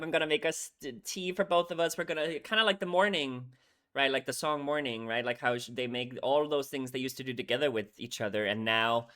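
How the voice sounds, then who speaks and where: Bright-voiced man, earnest reaction chat. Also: mid-range voice. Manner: earnest, emotional, says "right?" often. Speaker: music reaction YouTuber. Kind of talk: casual reaction commentary.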